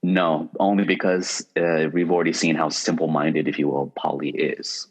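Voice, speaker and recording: A man's voice: a bass voice, little pitch movement, moderate pace. A man, a podcast guest, talking casually about a film in a laid-back, agreeable way. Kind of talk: casual movie discussion. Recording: dull lo-fi mic.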